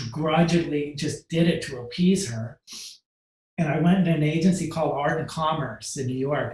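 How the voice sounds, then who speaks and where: Animated storytelling man, roomy echo. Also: a little high. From United States. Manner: acts out quotes, drops to a hush for inner thoughts; many "like" fillers, fast and emotional. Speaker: guest photographer telling his story.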